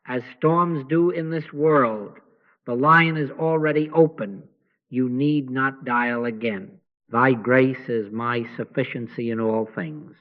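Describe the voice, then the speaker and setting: A man giving a slow, measured spiritual address in a calm, meditative style, with frequent pauses. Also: a little high. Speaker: spiritual teacher. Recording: slightly muffled lo-fi sound.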